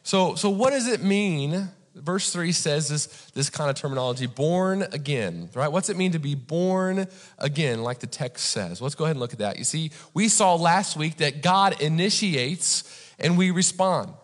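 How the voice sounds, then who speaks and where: A pastor from Indiana gives a sermon, telling a story in a chatty way and often asking the crowd "right?". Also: male voice, a little high, animated, normal speed. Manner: conversational, repeats "right?" for the audience. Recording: long hall reverb.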